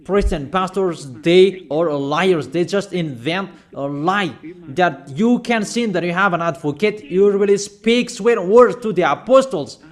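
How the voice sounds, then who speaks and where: Emphatic high-voiced male preacher. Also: lively intonation. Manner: emphatic, repetitive, hammering questions at listeners; non-native phrasing, halting with fillers. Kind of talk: sermon.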